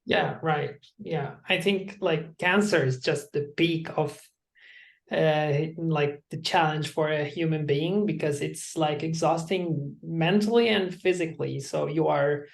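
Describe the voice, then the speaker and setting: A man's voice: fairly high pitch, measured pace, creaky. A man hosting an interview, asking questions in hesitant, filler-heavy phrasing. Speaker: podcast host.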